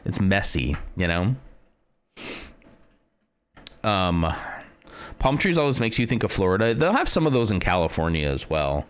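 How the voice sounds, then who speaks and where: A fairly low-pitched man talking casually on a live stream. His voice moves around a lot, jumping up when he greets viewers and sinking low when he's unsure. He thinks aloud in a relaxed, conversational way. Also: unhurried, long pauses, clear, resonant tone. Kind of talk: casual live-stream chat while playing a guessing game.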